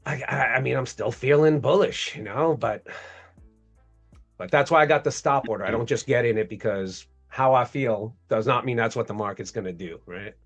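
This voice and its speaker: Upbeat male host, clear step-by-step explainer, soft music bed underneath. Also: medium pitch. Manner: upbeat, explains trades step by step, quick agreeing. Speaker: livestream host trader. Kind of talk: casual livestream chat.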